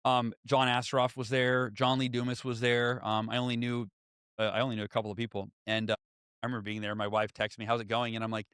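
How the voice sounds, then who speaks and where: A man in his forties telling stories as a podcast guest and author, lively and acting out what others said. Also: medium pitch, fast, clean tone, no room sound, clean studio sound. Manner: animated, acts out quoted voices. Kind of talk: storytelling in conversation.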